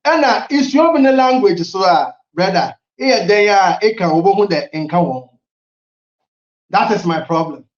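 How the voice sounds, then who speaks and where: Speaking at a measured pace, a middle-aged man from Ghana with a high voice and Ghanaian accent is captured in a roomy recording lacking highs. During a casual interview, he tells animated stories, moves between languages, and frequently laughs.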